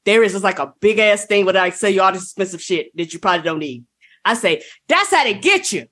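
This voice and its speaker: A woman's voice: mid-range voice, fairly even intonation, fast talker, a bit bright. A woman in a casual group chat, candid, profane and self-mocking.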